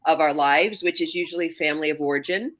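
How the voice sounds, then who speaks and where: Woman, 60s, therapist guest, low-ish bright voice, measured explainer. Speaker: guest, psychotherapist. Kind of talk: interview answers.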